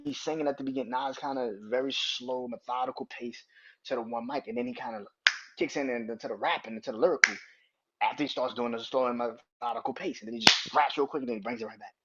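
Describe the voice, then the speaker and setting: A man of middle pitch hosts a casual podcast, speaking bluntly and with plenty of profanity. His delivery keeps tipping over into loud, incredulous ranting. The recording sounds a little dull and lo-fi. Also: background noise. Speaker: podcast host.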